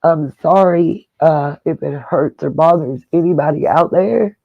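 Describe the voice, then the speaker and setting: A man's voice: a little high, a little slow, vocal fry, no echo, phone-quality sound. A man hosting a casual livestream, talking straight to his viewers in an emotional, rambling way. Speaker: livestream host.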